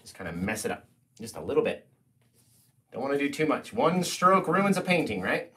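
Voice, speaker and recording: Lively, soft-spoken male painting instructor. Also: medium pitch, moderate pace. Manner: soft-spoken, bursts into playful loud radio voice. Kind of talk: live painting tutorial.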